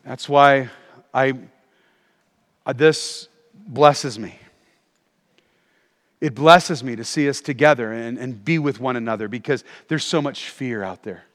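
A man preaching a sermon as pastor, animated and calling for responses from the congregation. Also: mid-range voice, slow pace, long pauses, big-room sound. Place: church auditorium.

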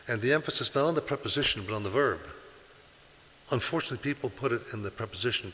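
Male preacher, bright forceful tone, emphatic delivery, long hall reverb with faint hiss. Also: mid-range voice, expressive, fast talker. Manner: emphatic, rising to forceful peaks when quoting scripture. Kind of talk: sermon. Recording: hissy recording in a large reverberant hall.

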